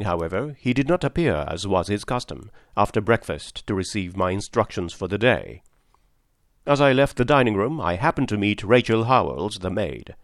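A man narrating a story aloud in a measured, formal manner. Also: on the low side, dry recording, clean studio sound. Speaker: audiobook narrator. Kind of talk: scripted narration.

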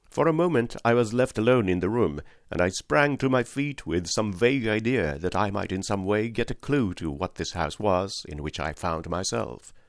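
A man reading a story aloud as an audiobook narrator, in a measured and dramatic way. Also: fairly low pitch, no room sound, clean studio sound. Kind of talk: scripted narration.

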